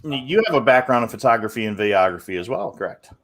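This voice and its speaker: A man's voice: mid-range voice, lively intonation, fast talker, fairly bright tone. A man co-hosting a casual podcast chat, asking guests questions in a friendly way. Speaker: podcast co-host.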